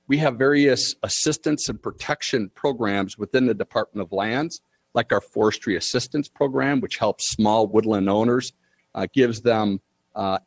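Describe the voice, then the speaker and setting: A man presenting at a conference panel as a state forester, speaking in a measured way with occasional fillers and restarts. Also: mid-range voice, no room sound. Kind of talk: prepared conference talk. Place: conference room.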